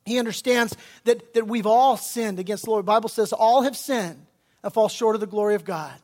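A man pastor preaching a sermon with passion, his voice swelling loud and pleading when he quotes scripture and prayer. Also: high voice, brisk.

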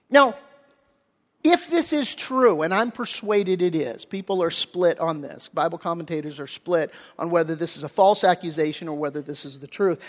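A male pastor preaching a sermon in a casual, conversational way, with slangy paraphrases and frequent throat clearing. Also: high-pitched, in a large hall.

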